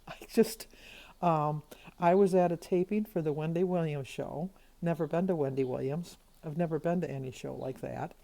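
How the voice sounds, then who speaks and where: A woman's voice: low-pitched, moderate pace, creaky, warm tone, dry recording. An older woman vlogging casually, a rambling, chatty storyteller talking to her camera. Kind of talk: casual vlog chat.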